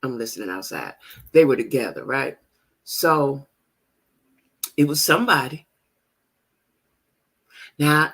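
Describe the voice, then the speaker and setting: A woman with a low-pitched, slightly bright voice runs a gossip show. Her chat with viewers is casual and direct, and she leans on repeated phrases for emphasis.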